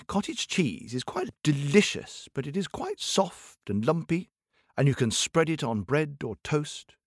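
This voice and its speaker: A man telling a folk tale to children in a playful, expressive way, speaking straight to his listeners. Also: fairly high pitch, measured pace. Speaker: storyteller. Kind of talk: animated storytelling for children.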